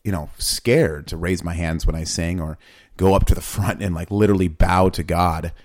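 A man co-hosting a casual talk about faith, talking in animated, rambling bursts with many restarts. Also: low voice, normal speed, dry recording, clean studio sound. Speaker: podcast co-host.

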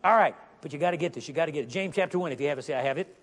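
A man preaching a sermon to a congregation, emphatic, repeating key phrases and slowly reading scripture aloud while asking the listeners questions. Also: fairly high pitch. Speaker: guest preacher. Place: church sanctuary. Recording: long hall reverb.

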